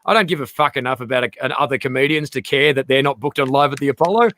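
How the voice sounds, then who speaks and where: An Australian man hosting a casual comedic stream chat, animated and swearing, often slipping into quoted voices. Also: medium pitch, very fast. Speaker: comedian host.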